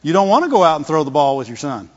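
A middle-aged man preaches a sermon in a loose, chatty way, often checking in with the congregation. His voice sits a little high for a man. The sound is dull and lo-fi, with a long reverb from a large church hall. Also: sing-song, very fast. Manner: conversational, repeats words, asks the congregation "Amen?". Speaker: pastor.

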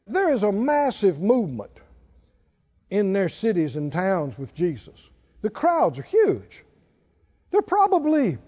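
This preacher has a very high, mellow voice, and his sermon is peppered with frequent chuckles that rise into emphatic exhortations to the audience. The recording sounds dull and echoes in a reverberant hall.

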